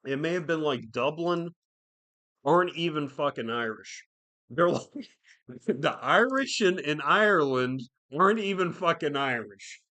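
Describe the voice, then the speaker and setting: Speaking at a measured pace, a man with a fairly high, expressive voice that's bright and forceful hosts a solo podcast. He rambles through casual commentary, swearing constantly and using lots of fillers.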